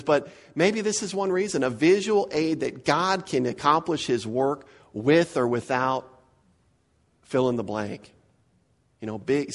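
Man, pastor, verse-by-verse sermon, emphatic, animated, mid-pitched voice. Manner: animated, emphatic, repeats words when stressing a point.

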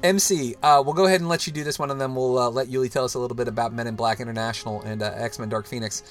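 Racing through a casual chat with fairly even intonation, a man in his thirties hosts his podcast in a mid-range voice. He rambles loosely, saying "like" a lot and restarting often, with faint music behind.

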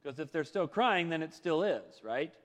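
A man's voice: on the high side, sing-song, normal speed, in a large hall. A man preaching a sermon in a conversational way, full of rhetorical questions. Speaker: pastor.

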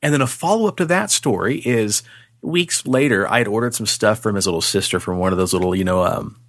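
A man co-hosting a podcast, telling a spooky story in a casual, animated way, swearing freely and acting out the voices. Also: on the low side, a little fast, no echo, studio quality.

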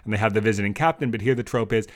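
A man with a lowish voice talks in rapid-fire bursts while co-hosting a podcast. He chats casually and rambles through the episode with lots of restarts, frequently putting questions to his co-host.

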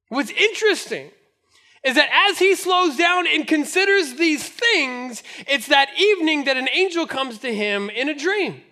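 A man preaching a sermon as pastor, telling stories in an animated way and laughing often. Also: extremely high pitch.

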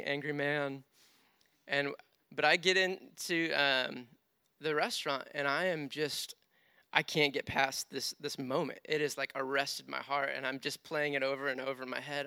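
A man preaching a sermon, telling a personal story with animated, self-deprecating humor. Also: a little high, measured pace, clean tone, no room sound, clean studio sound. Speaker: pastor.

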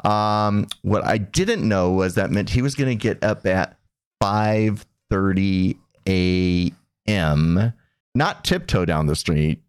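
A man's voice: sits low, takes it slowly, clean tone. A man co-hosting a podcast, telling an anecdote in casual chat, acting out sounds and laughing often. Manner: animated storyteller, laughs often, acts out sounds. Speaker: podcast co-host.

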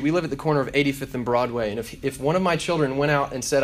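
Male pastor, sermon, storytelling, soft-voiced quotes. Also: mid-range voice, very fast, hardly any pauses.

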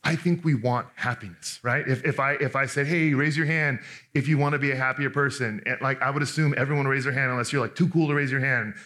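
A man preaching a sermon in an animated, conversational way, restarting often and acting out the people he quotes. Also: mid-range voice, fast talker. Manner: acts out quoted speakers in voices. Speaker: pastor.

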